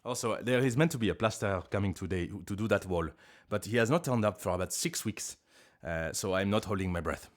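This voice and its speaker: A man chatting casually on a live stream from his living room, rambling and joking at himself with sudden loud outbursts. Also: lowish voice, brisk, few pauses.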